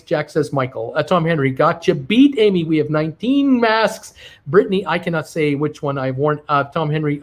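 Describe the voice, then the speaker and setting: Brief: middle-aged male livestream host, slightly high voice, reads chat comments aloud and reacts in quick casual asides. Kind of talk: casual live-stream chat.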